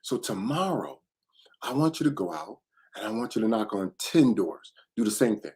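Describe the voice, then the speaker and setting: A man's voice: on the low side, very animated, normal speed, a little mellow. A man quoting his mother's firm, patient advice to her teenage son while telling a story. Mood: encouraging.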